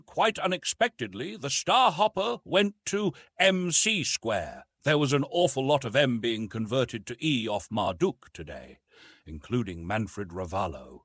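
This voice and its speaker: A man reading a science-fiction audiobook aloud in an expressive, storytelling way. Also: medium pitch, slightly rough, no echo. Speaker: audiobook narrator. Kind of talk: scripted audiobook narration.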